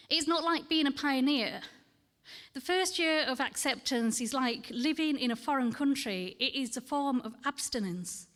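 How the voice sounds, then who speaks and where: Woman poet, higher voice, candid and measured, long hall reverb. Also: a bit bright. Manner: candid, earnest, reads with measured cadence. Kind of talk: poetry reading with personal talk. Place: festival event hall.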